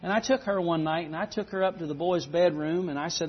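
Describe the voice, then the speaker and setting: A man's voice: on the high side, fast talker, few pauses, breathy edge. A middle-aged man preaching a sermon, telling a folksy story. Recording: dull lo-fi recording.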